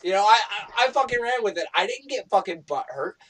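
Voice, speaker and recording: An excitable man tells a profane story in casual chat, his voice high and very lively. The tone is bright and tense. He sits a little away from the mic. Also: a little fast, recorded from a distance. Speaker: round table panelist.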